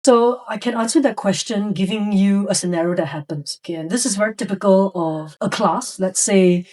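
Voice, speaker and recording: A woman's voice: medium pitch, normal speed, a little mellow, recorded from a distance. A woman educator telling classroom stories in a podcast interview, acting out the voices of students and teachers. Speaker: educator guest.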